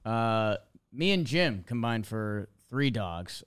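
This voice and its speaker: Man with a very clear co-host voice. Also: on the low side, expressive, slow pace, dry recording, clean studio sound. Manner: jokey, upbeat ad reading. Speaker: podcast co-host. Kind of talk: casual sports chat and host-read ad.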